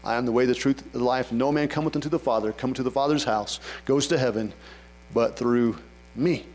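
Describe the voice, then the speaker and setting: A man's voice: brisk, low-quality recording. Man preaching a sermon with soaring calls. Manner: preaching with sudden rises to high calls and drops to soft low asides. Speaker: pastor. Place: church.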